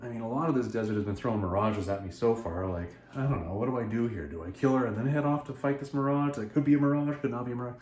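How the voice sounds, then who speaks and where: A man's voice: mid-range voice, fast talker, few pauses, natural voice. A man voicing a weary, blunt barbarian warrior who talks through his thoughts in a casual, offhand way. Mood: musing. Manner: casual, talky thinking-out-loud. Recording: echoey room.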